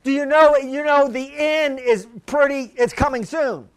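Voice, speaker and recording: A man with a very high voice delivers a fervent sermon. He repeats key phrases and calls out to the congregation for a response. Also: fairly even intonation, measured pace, few pauses. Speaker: preacher.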